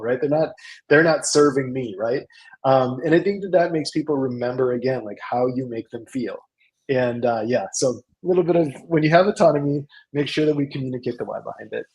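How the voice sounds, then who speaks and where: A man with a mid-range voice talks through a business lesson in a relaxed webinar conversation. He tells stories with animated, acted-out dialogue. He often repeats and restarts his words. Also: mid-range voice, rough recording. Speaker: salon business coach. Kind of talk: casual webinar talk.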